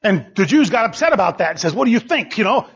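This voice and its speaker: High, husky-voiced male preacher. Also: very animated, quick pace. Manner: emphatic, repeats phrases for stress. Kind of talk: sermon. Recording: dull lo-fi sermon recording.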